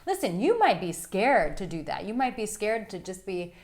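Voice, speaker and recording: A woman working as an intimacy coach, giving frank, playful instruction to men with animated asides. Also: mid-range voice, moderate pace, hardly any pauses. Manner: blunt, playful and animated, with bursts of laughter and acted-out asides. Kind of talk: frank instructional talk to camera.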